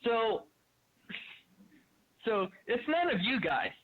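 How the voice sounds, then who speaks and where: A man calling in to a talk show, ranting angrily with profanity and many halting fillers. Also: very high voice, very animated. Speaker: caller. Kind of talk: ranting call-in comment. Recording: tinny phone line.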